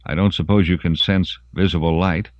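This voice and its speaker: A man voicing a composed, guarded adult man asking quiet, plain questions. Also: deep voice, fairly even intonation, normal speed, dry recording, highs cut off, lightly acted.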